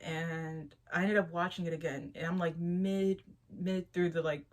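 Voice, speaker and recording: A young adult woman talking casually to camera as a spiritual vlogger, rambling, animated, laughing often and restarting her sentences. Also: fairly low pitch, a little slow.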